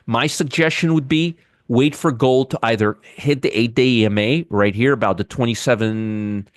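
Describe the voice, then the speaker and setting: A man's voice: mid-range voice, moderate pace, dry recording, clean studio sound. Sarcastic man hosting a live market show. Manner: sarcastic, repeats points, talks to chat viewers by name. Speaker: trading show host. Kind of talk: casual live market commentary.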